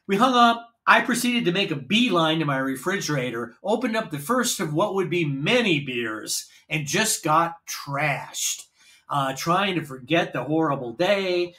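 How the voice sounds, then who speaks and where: A man's voice: a little high, pushed and bright. A man from the American Midwest hosting a podcast. He tells a story in a casual, profane style and acts out the dialogue as he goes. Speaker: podcast host.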